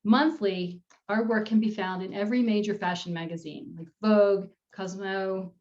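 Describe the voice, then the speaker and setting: A woman's voice: medium pitch, fairly even intonation, normal speed, a little mellow, highs cut off. A woman in her fifties from the United States, presenting a talk on public speaking as a coach, telling stories in an upbeat way. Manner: storytelling, upbeat with frequent laughs.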